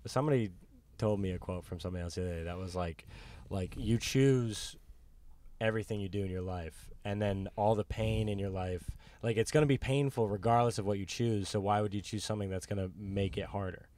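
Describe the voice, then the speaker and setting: A man's voice: lowish voice, fairly quick, darkish tone. A young man talking as a podcast guest in casual chat, rambling and reflective, swearing casually.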